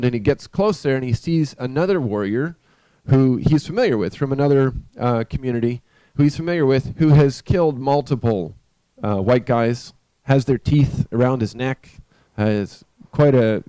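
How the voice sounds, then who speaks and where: A man preaching in a church, telling a story in a conversational, halting way with frequent restarts. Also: mid-range voice, dark tone, no room sound. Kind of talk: storytelling sermon.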